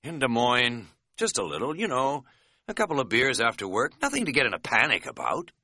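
Male narrator voicing a cheerful, half-drunk middle-aged hiker: loud, jokey, evasive, lively up-and-down delivery. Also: medium pitch, a little fast, no room sound, studio quality, pitched above the performer's own voice, full character voice. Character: boisterous tipsy middle-aged male hiking buddy.

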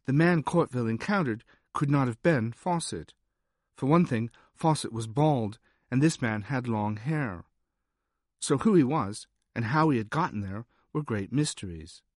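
A man reading a nonfiction history aloud as an audiobook narrator, measured and wry. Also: medium pitch, dry recording. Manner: measured, dry storytelling with wry asides.

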